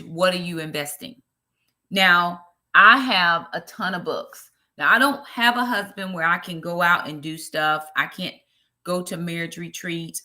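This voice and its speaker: A woman's voice: on the low side, pushed and bright. A woman with a Southern US accent hosting a ministry livestream, chatting casually and greeting viewers by name. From Brooklyn, New York.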